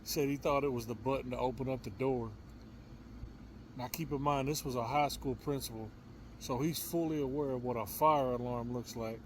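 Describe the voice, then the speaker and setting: A man giving casual political commentary on his own channel, halting and often repeating his words. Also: medium pitch, steady tone, slight background noise. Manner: repetitive, halting, stumbles over words.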